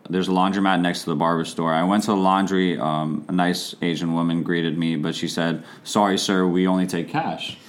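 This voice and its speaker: A man's voice: sits low, steady tone. A man co-hosting a casual podcast, telling a story with many fillers. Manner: rambling storyteller, drawn-out fillers. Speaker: podcast co-host. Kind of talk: casual chat.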